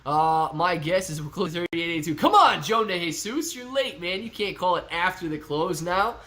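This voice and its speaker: A man hosting a live stock-market stream, calling out prices rapidly and chatting with viewers in a casual, excited way. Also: high voice. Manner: excited, calls out prices like an auctioneer. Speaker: livestream host.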